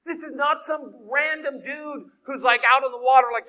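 A man delivers a lively sermon to a congregation, his voice sitting high and sounding bright and forward. He acts out the story as he goes, breaking into shouted voices for the people in it. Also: moderate pace, hardly any pauses, rough recording. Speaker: guest preacher. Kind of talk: animated sermon.

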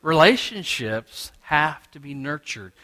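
Bright-voiced man preaching a sermon. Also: very animated, slow pace. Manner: preaching with wide swings in pitch and loudness, acting out quoted exchanges. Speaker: pastor.

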